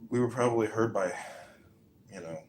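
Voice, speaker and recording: A man with a lowish voice rambles on in a boastful, meandering way. He is chatting in an online audio room. The sound is roomy, with a clear echo around him. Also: normal speed, a little mellow, a little hiss or hum. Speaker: audio chat room speaker. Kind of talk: casual chat.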